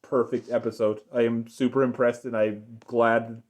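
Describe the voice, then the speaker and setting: A man's voice: medium pitch, level tone, moderate pace, a little mellow. A young man giving an unscripted cartoon episode review, rambling and enthusiastic with lots of fillers.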